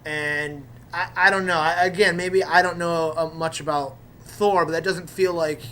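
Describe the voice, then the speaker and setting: A man with a slightly high voice talks in a casual chat about movies, animated and opinionated, dropping the odd swear. A faint noise sits under his voice. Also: moderate pace. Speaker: podcast host.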